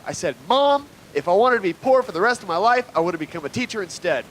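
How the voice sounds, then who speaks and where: A man's voice: sits high, expressive, quick pace, few pauses, a little hiss or hum, poor audio. A man doing a live stand-up set on a club stage, brash and riffing with the crowd. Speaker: stand-up comedian.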